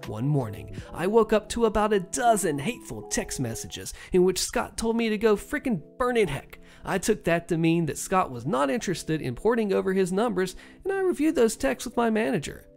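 A narrator telling a first-person workplace revenge story in a sardonic, animated way. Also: mid-range voice, moderate pace, vocal fry, few pauses, soft background music.

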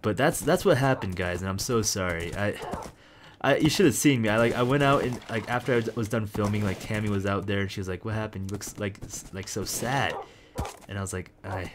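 A young man casually commenting on his own gameplay as a video host, rambling and excitable with lots of jokes. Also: fairly low pitch, fast, noisy background. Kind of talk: casual let's-play commentary.

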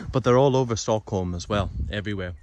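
A man's voice: on the low side, wildly swooping pitch, moderate pace. A man giving a casual, chatty walking tour on forest trails near a city, talking loosely and swearing now and then. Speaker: vlogger. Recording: outdoor background noise.

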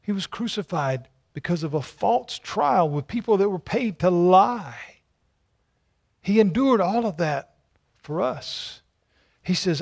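A man's voice: sits high, lively intonation, takes it slowly, creaky, darkish tone, slightly rough. A male pastor preaching a sermon, emphatic and repetitive, with rhetorical questions and stammered restarts.

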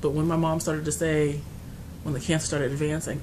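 A woman vlogger talking through her grief at home, rambling and restarting, going quiet and then loud. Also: low voice, steady tone, a little fast, a little hiss or hum, poor audio. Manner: grieving, rambling, restarts often, swings between quiet and loud. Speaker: beauty vlogger. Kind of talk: casual personal talk to camera. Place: her apartment.

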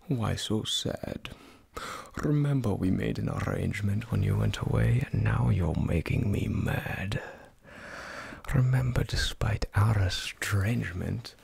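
A smug, possessive king, jilted and clinging, as a man whispers him in whispered role-play. The whisper is deep and gravelly. It is unhurried. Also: full character voice.

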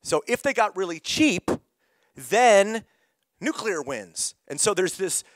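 Workshop leader, middle-aged man, voice going hoarse, slightly high pitch, draws in the audience. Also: sing-song, takes it slowly, dry recording. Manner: engaging, calls on audience members. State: losing his voice, coughing. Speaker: climate workshop presenter. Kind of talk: interactive workshop presentation.

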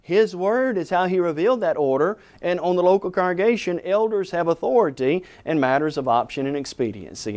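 A male preacher delivering a broadcast sermon in a somewhat high voice. He talks emphatically, quotes scripture and drives his points home with pointed rhetorical questions. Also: darkish tone. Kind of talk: televised sermon.

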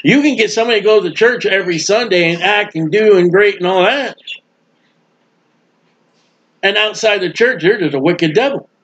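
Guy preaching, high-pitched and kinda husky, folksy storytelling, muffled old recording. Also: normal speed, long pauses. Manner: folksy, animated, acts out quoted voices. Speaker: street preacher. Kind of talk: sermon.

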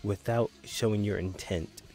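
A man's voice: on the low side, fairly even intonation, a little slow, darkish tone, faint music behind. A young man streaming in a social VR game, joking crudely and laughing often in casual chat. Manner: giggly, joking, crude banter.

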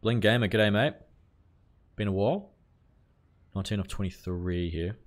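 A man's voice: fairly low pitch, moderate pace. A man, chatting casually with viewers while streaming a cricket video game. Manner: relaxed, chatty, greets viewers while playing, mild swearing. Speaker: livestreamer. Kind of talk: casual live game commentary.

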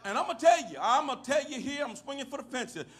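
Middle-aged male pastor, very high voice, slangy folksy sermon, shouts and laughs. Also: animated, brisk, breathy edge. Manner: swings from shouting to low storytelling, laughs often; casual, folksy preaching with street slang.

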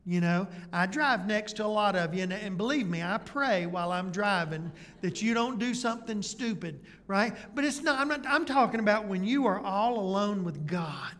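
A man's voice: high voice, normal speed, few pauses, fairly bright tone. A man preaching a sermon as pastor in a conversational way, full of rhetorical questions. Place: church sanctuary. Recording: church hall reverb.

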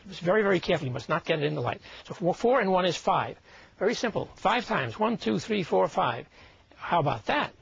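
A man's voice: high-pitched, big pitch swings, fairly quick, creaky, highs cut off, slight background noise. An older man performing comedic magic patter as a magician, a wisecracking, chatty showman.

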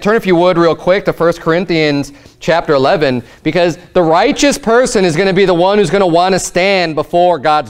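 A man's voice: a little high, clear, resonant tone. A pastor preaching a sermon in a conversational, earnest way, often restarting his sentences. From United States. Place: church sanctuary.

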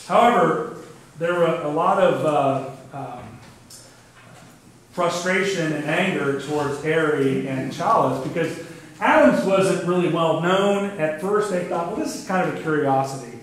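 A man's voice: a little high, a little slow. Chatty lecturing man in an echoey room. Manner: conversational, many fillers, says "kinda neat". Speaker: astronomy lecturer. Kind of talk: casual public lecture with slides. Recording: very echoey room, faint background noise.

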